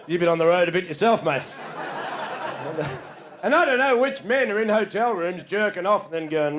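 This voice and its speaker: A man doing a stand-up comedy routine on a small club stage, ranting and swearing in disbelief, jumping into loud high shouts to act out other people. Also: big pitch swings, measured pace, noisy background.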